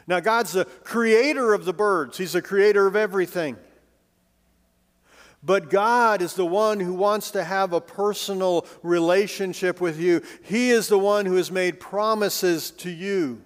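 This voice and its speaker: A man preaching a sermon with a fairly high voice that carries a long reverb, as if he is in a large hall. He is conversational and drops in light, joking asides. He swings between emphatic lines and hushed, soft-spoken ones. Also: unhurried. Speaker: pastor.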